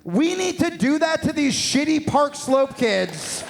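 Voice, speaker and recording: A man performing a stand-up comedy set on stage, with profane, shouting rants and rapid asides. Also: very high-pitched, very animated, vocal fry. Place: live venue on stage.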